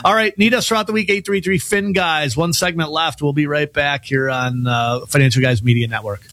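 A man's voice: on the high side, a little fast, creaky, fairly bright tone, no room sound. A man hosting a radio talk show, chatting casually and laughing while he retells stories.

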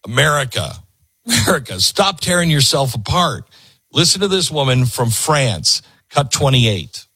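A male talk show host comments on clips with an emphatic, preachy delivery. His pitch swings widely, and the voice is bright with a husky edge. The sound is dry and close. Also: big pitch swings, a little slow, dry recording.

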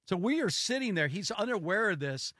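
A man's voice: high voice, brisk, no room sound. An older man hosting a sports radio show, telling stories in casual studio chat and acting out the dialogue. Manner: animated anecdote teller who acts out dialogue.

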